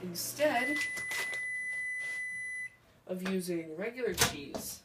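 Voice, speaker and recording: A young woman hosting a home cooking video in her kitchen, talking in a halting way with frequent restarts. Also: on the low side, expressive. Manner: hesitant, halting, with many restarts. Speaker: cooking show host. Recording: distant mic, noisy kitchen.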